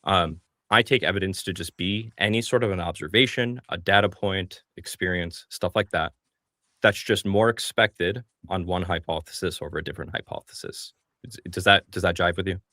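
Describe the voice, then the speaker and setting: A man co-hosting a call-in show who speaks in a measured, methodical way and defines terms before arguing. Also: deep voice, sharp tone, dry recording, clean studio sound.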